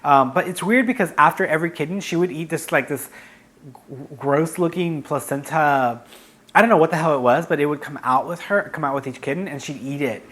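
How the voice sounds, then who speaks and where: A man's voice: on the high side, a little fast, a bit bright. Chatty man telling a story. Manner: chatty, frank, with frequent fillers and self-corrections. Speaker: vlogger, psychic medium. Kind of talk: casual storytelling.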